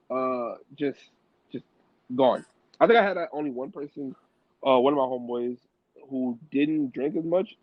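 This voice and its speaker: A man's voice: medium pitch, no room sound. Male podcast host telling a loose slangy story, tinny dry recording. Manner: rambling, loose slang, many restarts and fillers. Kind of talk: casual storytelling. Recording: dry tinny phone-like audio.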